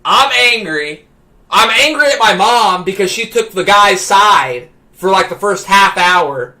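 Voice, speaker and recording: A man with a high, tense and bright voice tells a story on his live stream. He gets excited, trips over his own words, and climbs toward shouting as the story builds. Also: unhurried. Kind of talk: animated anecdote telling.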